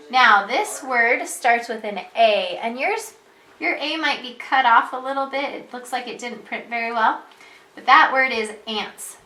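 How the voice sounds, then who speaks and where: A woman leads a preschool reading lesson, slow and patient, with a bright, slightly high voice. She talks in a sing-song way and jumps up into excited calls when she reads out loud. The room around her sounds echoey. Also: slight background noise. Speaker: preschool teacher. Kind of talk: reading lesson for young children.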